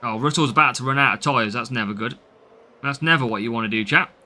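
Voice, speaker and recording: A man's voice: medium pitch, fast talker, bright, forceful tone. A man from the English Midlands with a Midlands accent, chatting through a live game stream and answering viewers' comments as he plays.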